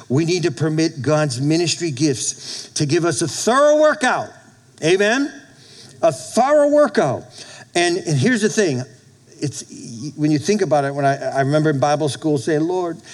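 A middle-aged man preaching a sermon with a fairly high voice. He is animated and laughs often, and he breaks into little acted-out quotes as he goes. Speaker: pastor.

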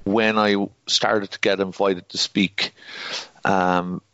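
Irish man telling lively stories. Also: deep voice, smooth, no room sound, lo-fi sound. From Ireland. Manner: lively, jokey, quick-talking. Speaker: podcast guest. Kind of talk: casual chat, storytelling.

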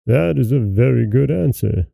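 A man voicing a suspicious, quick-tempered old king in a fairy tale reading, with a gravelly, very dark voice. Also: mid-range voice, animated, no echo. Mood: questioning. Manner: stern, demanding questions.

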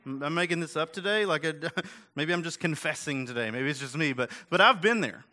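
A fairly high, pushed and bright male voice moves along fairly quickly and with plenty of animation. The pastor keeps his sermon chatty and self-deprecating, wandering into asides, posing rhetorical questions and leaning on "like" and "right?".

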